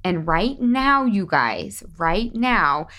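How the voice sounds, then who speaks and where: A woman's voice: fairly low pitch, sing-song, very slow, pushed and bright. A woman in her thirties hosting a podcast, talking casually and laughing often as she speaks straight to her listeners. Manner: chatty, laughs often, addresses listeners as you guys. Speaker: podcast host.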